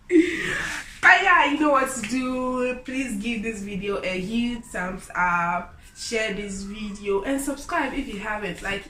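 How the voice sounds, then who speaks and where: Young woman vlogger, slightly high voice, animated and giggly storyteller, recorded from a distance in an echoey room. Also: slight background noise. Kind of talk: casual storytelling.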